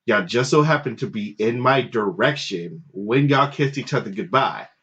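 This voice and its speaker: A man's voice: mid-range voice, moderate pace. A married man hosting a podcast, telling a story in casual chat with lots of cursing and laughter. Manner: animated, profane, laughing storyteller. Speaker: podcast host. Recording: dull lo-fi sound.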